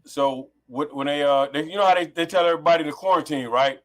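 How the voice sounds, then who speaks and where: A middle-aged man from Los Angeles tells a long story as a guest on a call, speaking through a headset. His voice sits somewhat high for a man, and he rambles, restarts his sentences and drops profanity freely. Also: fast. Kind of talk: casual storytelling on a remote call.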